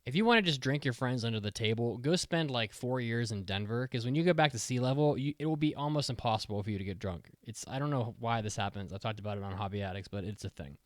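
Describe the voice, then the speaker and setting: A man in his thirties co-hosting a podcast, chatting casually in an excitable, rambling, jokey way. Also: medium pitch, fast, few pauses, no room sound, clean studio sound. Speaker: podcast co-host. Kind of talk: casual chat.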